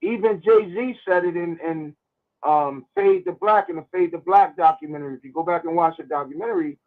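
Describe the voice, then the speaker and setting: A man's voice: on the high side, a little fast. A man calling in to a radio show, talking animatedly and stumbling over repeated words, heard through a phone line. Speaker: caller. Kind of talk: call-in radio commentary.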